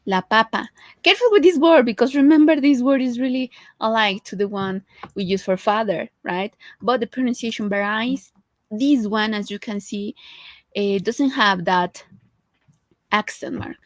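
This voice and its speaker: A young Mexican woman with a Mexican accent gives a relaxed Spanish lesson, drifting between Spanish and English in a chatty, friendly-paced way. Her voice sits a little high. The sound is dry and close, with no room echo. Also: moderate pace. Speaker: Spanish teacher. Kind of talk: casual language lesson.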